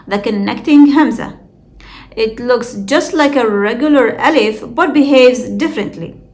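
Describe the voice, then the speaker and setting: A woman teaching Arabic pronunciation, explaining rules carefully and reading out examples. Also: fairly high pitch. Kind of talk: slow scripted lesson narration.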